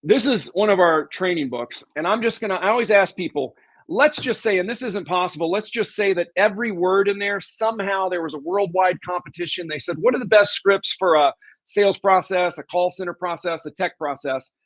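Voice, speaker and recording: Guy from southwest missouri with a pretty high voice, talking sales like a coach, dry close sound. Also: fairly quick, a bit bright, dry recording. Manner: emphatic, teaching with examples and questions. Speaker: podcast guest, contractor and sales trainer. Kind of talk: casual interview talk.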